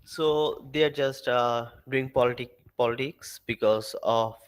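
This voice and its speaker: A man calling in as a guest, talking haltingly with restarts and frequent uh. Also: medium pitch, smooth, poor audio. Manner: halting, restarts and asks if he can be heard. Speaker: call-in guest. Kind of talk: casual remote call-in chat.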